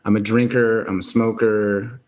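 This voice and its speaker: A man's voice: fairly low pitch, little pitch movement, measured pace, a little mellow. A man hosting a podcast interview, reflective and thoughtful, summing up what his guest says. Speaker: podcast host. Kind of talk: conversational interview.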